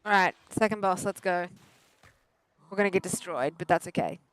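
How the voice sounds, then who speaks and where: A therapist streaming a video game, talking to themselves and to chat in frantic, joking bursts with sudden yelps and mock-calm reassurances. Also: mid-range voice, normal speed, clean tone, no room sound. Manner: self-mocking, joking calm under pressure. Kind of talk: live gameplay commentary with chat.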